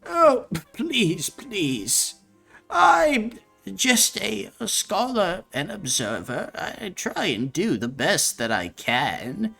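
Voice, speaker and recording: A man plays a cheerful elderly scholar wizard in a tabletop game, bursting with excitement and fumbling apologies. His voice sits well above the player's own and swings widely. The game plays out over faint background music. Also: sits high, extremely slow, creaky, breathy edge, pitched above the performer's own voice, exaggerated voice. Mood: flustered delight.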